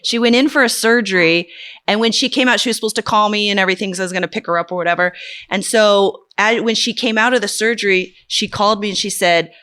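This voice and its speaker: Woman, podcast panelist, animated, acts out quotes, mid pitch. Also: fast talker, clean tone. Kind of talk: casual podcast chat.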